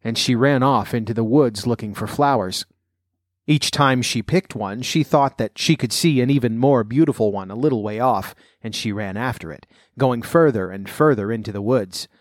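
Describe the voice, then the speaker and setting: Calm man reading a fairy tale. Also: mid-range voice, moderate pace, no echo, clean studio sound. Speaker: narrator. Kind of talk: storybook reading.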